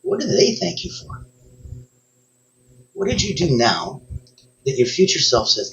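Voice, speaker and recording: A man's voice: huge pitch swings, unhurried, long pauses, slight background noise. Emphatic male motivational coach. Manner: emphatic, speaks straight to the listener, sudden upward pitch jumps. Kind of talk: motivational talk.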